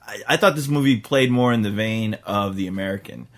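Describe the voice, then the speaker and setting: A man's voice: fairly low pitch, a little fast. A man co-hosting a casual movie review podcast, joking and chiming in with his take. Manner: joking, easygoing. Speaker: podcast co-host.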